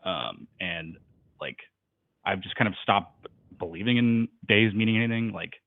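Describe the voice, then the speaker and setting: Brief: male caller, relaxed and rambling, lowish voice, phone-quality audio. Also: normal speed, creaky, no echo. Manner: rambling, laid-back, many fillers. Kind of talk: casual call-in chat. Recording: tinny phone line.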